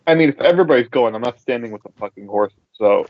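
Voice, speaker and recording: A man's voice: mid-range voice, lively intonation, fast talker, a little hiss or hum. A man playing a tabletop game, complaining bluntly and with exasperation. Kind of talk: casual chat. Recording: dry, muffled audio.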